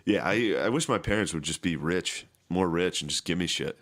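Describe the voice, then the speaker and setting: A young man co-hosting a podcast, chatting in a laid-back, wry way and breaking into squeaky mock voices. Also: fairly quick, fairly bright tone. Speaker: podcast co-host. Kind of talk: casual chat.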